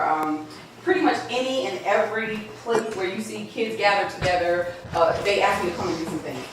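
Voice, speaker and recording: A woman from Georgia, a motivational speaker talking to a meeting in a lively, emphatic way. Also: fairly low pitch. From Georgia, USA. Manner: lively, emphatic, laughing often. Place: meeting room. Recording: echoey room, distant mic, faint noise.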